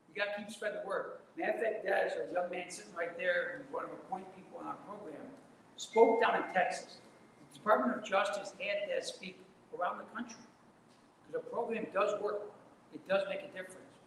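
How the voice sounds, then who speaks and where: Older guy, mayor speech, higher voice, big boomy hall w/ a bit of hiss. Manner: folksy, emphatic, repetitive rallying. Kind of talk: public speech at a community event. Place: large indoor event hall. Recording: very echoey hall, some noise.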